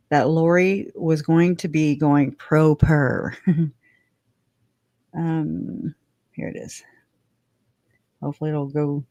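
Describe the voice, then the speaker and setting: A woman hosting a casual livestream, chatty and giggly, whose voice leaps up high when she gets excited. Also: dry recording. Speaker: livestream host.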